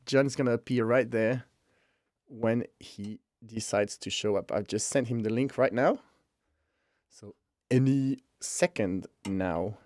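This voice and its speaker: A man's voice: mid-range voice, darkish tone, no room sound, clean studio sound. A man hosting a live stream from home, chatting casually and rambling with self-amused asides while he sets things up, speaking into a headset mic. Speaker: livestream host. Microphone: headphones with mic.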